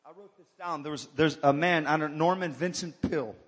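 Husky preacher man in a reverberant hall. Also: fairly high pitch, fairly quick. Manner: call-and-response preaching, rising to fervent exhortation. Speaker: pastor. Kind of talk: sermon.

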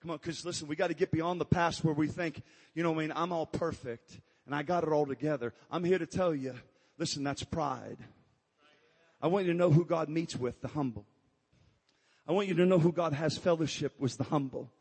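A man's voice: fairly high pitch, a little fast, darkish tone, slightly rough, long reverb tail. A man preaching a fervent sermon at a live church service, calling out "come on, amen" and at times out of breath. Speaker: pastor. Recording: live church service with praise team music behind. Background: praise team music.

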